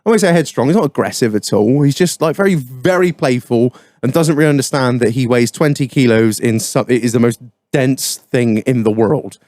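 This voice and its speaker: A man's voice: mid-range voice, brisk, no echo, clean studio sound. A man hosting a podcast, telling a sweary story in a casual, laughing way. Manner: sweary, laughing, animated anecdotes. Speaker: podcast host. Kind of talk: casual pub-style storytelling.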